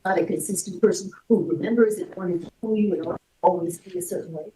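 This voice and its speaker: A woman testifying as a witness in court, answering in halting, hesitant phrases. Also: fairly low pitch, warm tone, a little hiss or hum. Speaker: expert witness. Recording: distant courtroom audio.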